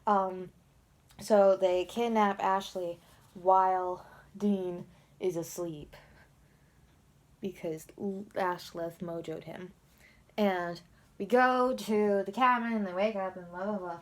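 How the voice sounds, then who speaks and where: A woman giving a casual, rambling recap of a TV episode, swinging between loud outbursts and whispers. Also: medium pitch, steady tone, slow pace, long pauses. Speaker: video blogger recapping a TV episode.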